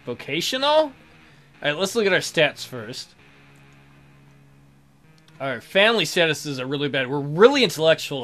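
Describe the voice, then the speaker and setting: A young man narrates a game in casual, crude commentary, reading its text aloud. His voice is bright and a little high, dropping into deadpan mutters and jumping into loud, swearing outbursts. Soft guitar music plays quietly behind him. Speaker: let's play commentator.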